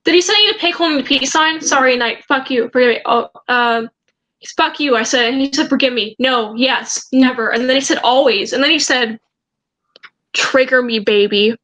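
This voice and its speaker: A young woman vlogger telling a story in a casual way, reading out chat messages and often pausing to hesitate and restart. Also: high voice, bright, forceful tone, low-quality recording. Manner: hesitant, halting, with many ums and restarts.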